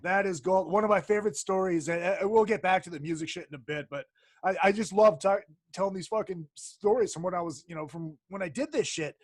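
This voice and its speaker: A man from Minnesota rambles through his stories, full of fillers and swearing. His voice is high, and the sound is dry and close with no room to it. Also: brisk, dry recording. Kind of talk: casual chat, storytelling.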